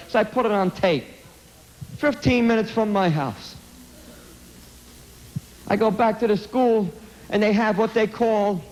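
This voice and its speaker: Middle-aged guy telling a hard story to a crowd, blunt, emphatic, high voice. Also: darkish tone, poor audio. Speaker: anti-drug speaker. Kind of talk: impassioned storytelling speech.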